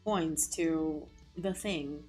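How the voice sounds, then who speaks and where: A woman streamer chatting casually while she studies. She is excitable, swears freely and talks in quick bursts full of fillers. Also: low voice, over music. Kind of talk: casual chat while studying.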